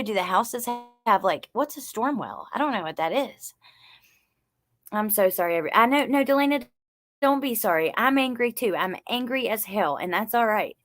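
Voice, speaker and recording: A woman's voice: mid-range voice, a bit bright. A woman hosting a casual livestream, recapping trial notes and answering viewers' chat in a chatty way. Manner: chatty, reacts to viewer comments, swears when angry. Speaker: true crime livestream host.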